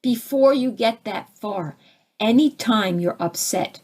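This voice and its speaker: Brief: middle-aged woman, slightly high voice, lively spiritual teacher, asks the room questions. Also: slow. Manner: animated, acts out quoted voices, rhetorical questions.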